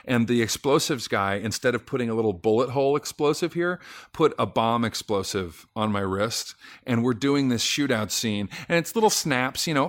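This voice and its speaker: A man's voice: medium pitch, normal speed. A man from Sacramento tells stories as a podcast guest. He talks animatedly, stumbles into restarts, and slips into voices as he goes. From Sacramento, California. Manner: animated storyteller, frequent restarts, does voices. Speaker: actor and musician guest. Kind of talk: casual podcast interview.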